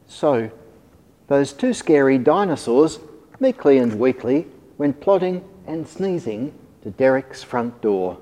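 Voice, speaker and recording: Male storyteller, expressive sing-song delivery, lively pitch, mellow tone, in a reverberant hall. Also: takes it slowly. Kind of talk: rhyming storybook read-aloud.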